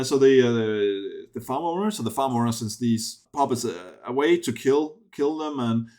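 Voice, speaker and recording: A man's voice: mid-range voice, a little mellow. A man giving a casual spoken film review, rambling with many restarts and sounding dismissive and sardonic.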